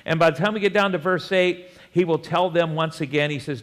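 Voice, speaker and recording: A man preaching a sermon in a conversational way, with joking asides and chuckles and slow, deliberate scripture reading. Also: a little high, fairly bright tone, long reverb tail. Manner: reads scripture slowly and deliberately. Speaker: pastor.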